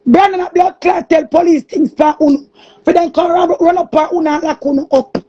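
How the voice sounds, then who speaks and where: A woman with a Jamaican accent in an angry, cursing monologue, often shouting. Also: extremely high pitch, steady tone, a little fast, slight background noise. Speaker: streamer. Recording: muffled lo-fi recording.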